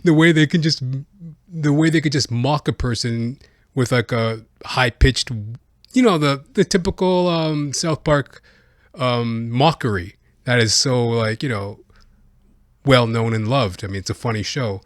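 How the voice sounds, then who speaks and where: A man's voice: mid-range voice, unhurried, no echo, studio quality. A man hosting a podcast, giving comedic political commentary in a rambling way full of fillers. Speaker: podcast host.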